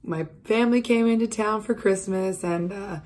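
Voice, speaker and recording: A woman in her twenties with a hoarse, raspy voice that is still recovering, chatting candidly and casually to camera as a beauty vlogger. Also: medium pitch, moderate pace, darkish tone. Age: 20s. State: hoarse, voice still coming back after losing it. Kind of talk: casual chat.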